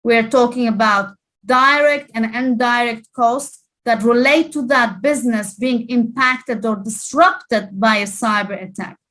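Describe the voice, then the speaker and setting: A woman giving a presentation on cyber risk, speaking quickly and explaining with frequent asides. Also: a little high, fairly bright tone. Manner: fast-paced, explanatory with many asides. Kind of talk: presentation talk.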